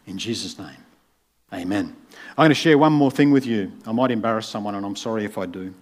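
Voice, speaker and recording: A man's voice: on the low side, lively intonation, rapid-fire. A man, a pastor giving a conversational sermon and acting out the voices in his story. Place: church.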